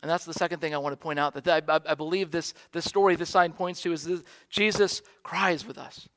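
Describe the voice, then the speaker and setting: American man, pastor; high-pitched, earnest sermon delivery, repeats lines softly. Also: steady tone, a little fast. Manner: earnest preaching, soft repeated emphasis.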